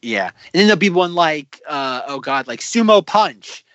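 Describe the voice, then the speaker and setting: A man co-hosting a podcast, chatting casually about a sketch show, animated and full of fillers. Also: a little high, normal speed, no room sound, muffled recording. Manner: animated, acts out quotes, many fillers. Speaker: podcast co-host. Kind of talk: casual chat reviewing a sketch comedy show.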